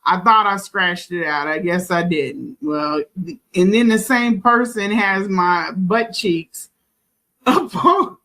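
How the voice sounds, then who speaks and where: A woman telling a story casually in a halting way, stopping and restarting her sentences. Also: on the low side, fairly bright tone, low-quality recording. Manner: halting, restarts, nervous laughs.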